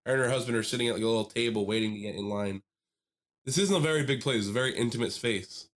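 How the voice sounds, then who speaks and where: A man co-hosting a casual podcast races through a long anecdote in a mid-range voice, speaking very fast. He's an animated storyteller who laughs frequently and acts out voices.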